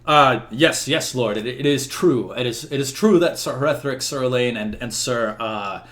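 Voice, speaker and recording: A man's voice: medium pitch, a bit bright, close to an everyday voice. A man voicing a flustered knight in a tabletop game, stumbling over his words as he testifies. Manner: stammering and hurried. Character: Sir Brastius, flustered male knight.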